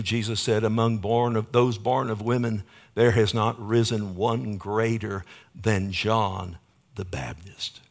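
Male preacher, loud swings to hushed tones. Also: mid-range voice. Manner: dynamic preaching, swings between loud emphasis and hushed near-whispers; asks the congregation "Amen?". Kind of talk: sermon.

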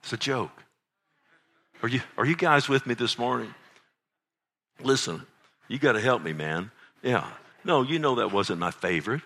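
A middle-aged man preaching a sermon, animated, full of rhetorical questions. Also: medium pitch, normal speed, pauses often. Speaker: pastor. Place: church sanctuary.

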